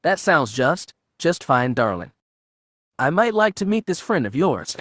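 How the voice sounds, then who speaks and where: A man's voice: fairly high pitch, big pitch swings, measured pace, a bit bright, dry recording, clean studio sound, voice pushed up, full character voice. A man voicing a sleazy male traffic controller who talks in a thick oozing drawl, breathing heavily. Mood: breathless.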